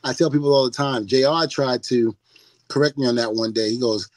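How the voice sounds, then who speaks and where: An older man from the United States, a podcast guest telling stories in a loose, animated way, laughing often and swearing freely. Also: mid-range voice, a little fast, no room sound. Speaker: guest, former wrestler. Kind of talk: casual podcast chat.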